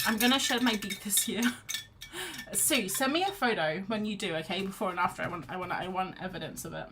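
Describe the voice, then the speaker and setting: A woman's voice: medium pitch, fairly bright tone, slight background noise. A woman hosting a casual live painting chat, chatty and self-deprecating, laughing often. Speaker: art livestream host.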